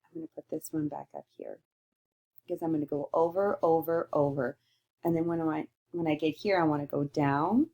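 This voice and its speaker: A woman teacher giving a recorded lesson to young children, slowly sounding out letters and praising answers. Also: low voice, vocal fry, dark tone, highs cut off. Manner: slow, sing-song and encouraging, sounding out letters.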